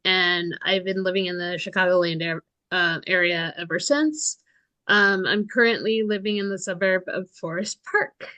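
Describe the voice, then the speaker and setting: Woman, 40s, from St. Louis, bright voice, measured delivery, dry close audio. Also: on the low side, no echo. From St. Louis, Missouri, USA. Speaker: playwright. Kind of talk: casual roundtable introduction.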